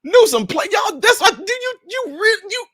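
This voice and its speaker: A man's voice: extremely high pitch, big pitch swings, normal speed, pushed and bright, no echo. A man from Chicago giving a heated political commentary, preachy and mocking, talking straight to his viewers.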